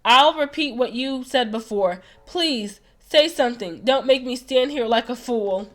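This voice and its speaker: Woman voicing a nervous young man from a romance game, prickly but shy, earnest, halting, fairly high voice. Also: close to an everyday voice. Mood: pleading.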